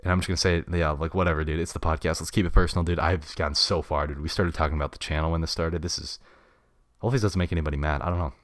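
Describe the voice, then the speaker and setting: A man hosting a casual solo podcast, blunt and slangy, swinging between loud opinionated bursts and mumbled asides. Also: extremely low pitch, fairly even intonation, very fast, no room sound, clean studio sound. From United States. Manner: slangy and blunt, heavy on "dude" and "bruh". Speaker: podcast host.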